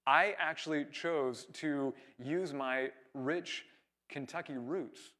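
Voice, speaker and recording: A young man from California preaching a sermon, telling a story with lively acted-out dialogue. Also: fairly high pitch, slow. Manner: animated storyteller, acts out quoted dialogue. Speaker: pastor.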